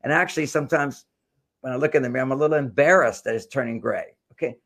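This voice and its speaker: A man's voice: mid-range voice, fast, vocal fry, fairly bright tone. An older man, a guest author, explaining relationship ideas with generalizations and stories in a talk show interview.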